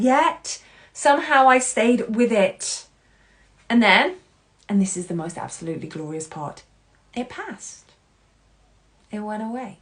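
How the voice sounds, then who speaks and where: A woman hosting a solo podcast, talking in an earnest, heartfelt way that swings between loud and hushed. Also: mid-range voice, slow, long pauses. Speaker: podcast host.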